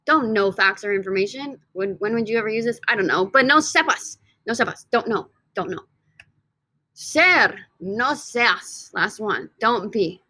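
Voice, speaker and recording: A bright, clear-toned woman talks students through a recorded lesson in an upbeat, chatty way. She repeats each key phrase several times. The sound is close and dry, with no room echo. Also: medium pitch, expressive, a little slow. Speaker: Spanish teacher.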